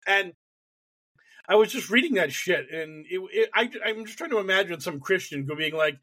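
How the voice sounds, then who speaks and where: A man co-hosting a comedic podcast, talking in an animated, sarcastic way with lots of swearing. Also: high voice, moderate pace, raised voice. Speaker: podcast co-host. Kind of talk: casual comedic chat.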